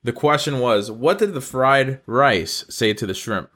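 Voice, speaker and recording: A man's voice: mid-range voice, expressive, measured pace, a bit bright. A man hosting an upbeat good-news podcast, talking in an earnest, encouraging and affectionate way to his listeners. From North Carolina. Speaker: podcast host.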